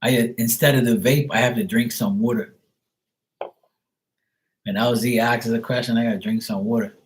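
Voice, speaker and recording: A man's voice: medium pitch, fairly even intonation, moderate pace. A man giving casual, profane tarot readings on a livestream, chatting loosely and laughing often between cards. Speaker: tarot reader.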